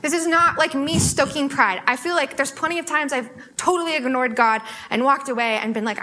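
Young American woman preacher with a high, bright voice, animated storytelling, filler-heavy and chatty. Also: brisk, few pauses. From United States. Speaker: guest speaker at a student fellowship. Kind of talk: testimony sermon.

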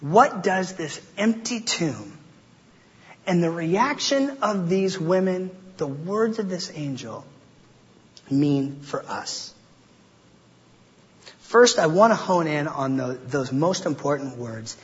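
A man preaching a sermon in a relaxed, conversational way, with frequent restarts and casual asides. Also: fairly high pitch, takes it slowly, pauses often. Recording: dull audio with long hall reverb.

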